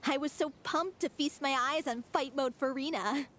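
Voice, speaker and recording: A woman's voice: high voice, moderate pace, fairly bright tone, a little hiss or hum. An actress voicing an upbeat, teasing young woman in a video game.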